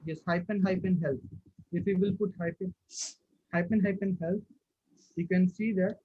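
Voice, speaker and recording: A man's voice: high-pitched, fairly even intonation, moderate pace, slightly rough, narrow, tinny audio. A man teaching a live online class who keeps asking his students questions and repeating himself. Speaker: instructor. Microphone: video call.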